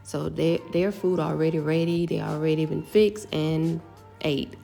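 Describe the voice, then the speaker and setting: A middle-aged woman casually talking through her home cooking step by step, relaxed and chatty. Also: low voice, measured pace, vocal fry, faint music behind. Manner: relaxed, step-by-step explaining with fillers.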